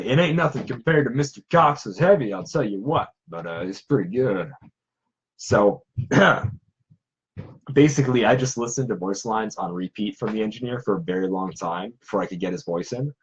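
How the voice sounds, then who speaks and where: Husky-voiced man chatting about cosplay. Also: lowish voice, dull audio. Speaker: cosplayer and prop maker. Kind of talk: casual chat.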